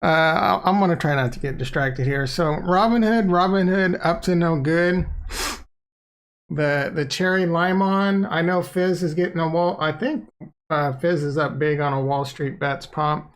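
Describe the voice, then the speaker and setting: A man's voice: on the high side, fairly even intonation, normal speed, fairly bright tone. Rambling, blunt crypto vlogger man. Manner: loose, rambling, playful, blunt. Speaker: crypto YouTuber. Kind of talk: casual livestream talk. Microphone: desk microphone.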